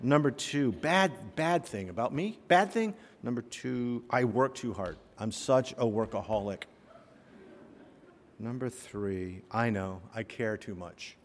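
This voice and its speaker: A man pastor preaching a sermon, telling stories and acting out the people in them, swinging between loud and soft. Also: mid-range voice, takes it slowly, a little hiss or hum. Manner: animated storyteller, voices characters, swings loud and soft. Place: church sanctuary. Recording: long reverb of a hall.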